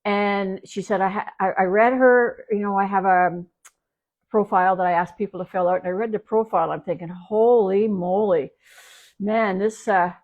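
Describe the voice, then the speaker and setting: Her mid-range voice is steady and brisk, coming through narrow, tinny audio. This Canadian dog trainer talks casually on a home livestream, rambling through a story with restarts and fillers.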